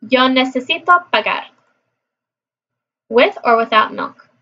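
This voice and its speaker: A woman records a casual practice vlog, sounding out phrases and talking to her viewers in an easy, chatty way. Her voice sits a touch high and moves at an unhurried pace. The recording is dull and lo-fi. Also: expressive, bright, forceful tone. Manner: chatty, repeats app phrases aloud. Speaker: language learner vlogger. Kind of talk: casual chat.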